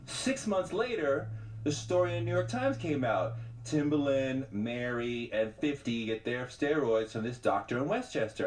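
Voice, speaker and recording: A middle-aged man telling stories as a guest on a radio show, animated and quick to act out the people he quotes. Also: medium pitch. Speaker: podcast host and journalist guest. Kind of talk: radio interview conversation.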